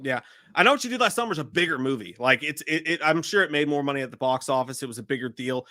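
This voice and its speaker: A man's voice: mid-range voice, lively intonation, quick pace, bright, forceful tone, dry recording, studio quality. A man hosting a live-stream show, talking in loose, profane banter. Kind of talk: casual live-stream chat.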